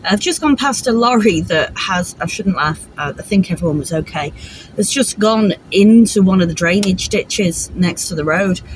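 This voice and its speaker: A woman's voice: medium pitch, animated, moderate pace, noisy background. A woman, chatting casually and rambling a little, filler words dotted through as she vlogs. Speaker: vlogger. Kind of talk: casual vlog chat.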